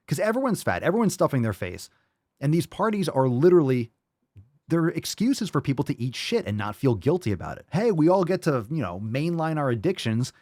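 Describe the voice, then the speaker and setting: A middle-aged fitness podcast host reads viewer comments from a livestream chat, mocking them in a blunt, profane way. His voice sits at medium pitch with a slightly mellow tone, recorded at studio quality with no echo.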